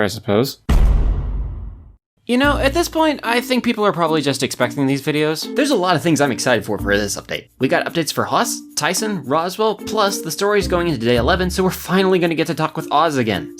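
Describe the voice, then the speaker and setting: A woman chatting through a story game in casual let's-play commentary, her voice swinging widely from low to high. A guitar track plays clearly behind her the whole time. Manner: animated, expressive, often jumps high in pitch when surprised. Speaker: gameplay commentator. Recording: music playing behind the voice.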